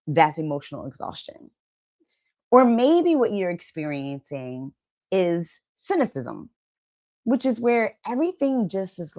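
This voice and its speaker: Woman, wellness coach, emphatic, lower-pitched, motivational talk, acts out inner voices. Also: a little mellow. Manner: emphatic, uses "right?" often. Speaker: wellness coach and channel host.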